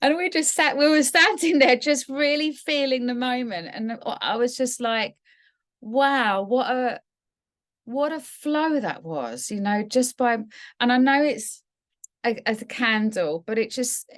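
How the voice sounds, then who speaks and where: A woman's voice: a little high, normal speed. A middle-aged woman from England, co-hosting a podcast and telling a personal story in a casual, heartfelt way that turns emotional. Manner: warm storytelling, gets emotional. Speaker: podcast co-host. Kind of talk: casual chat.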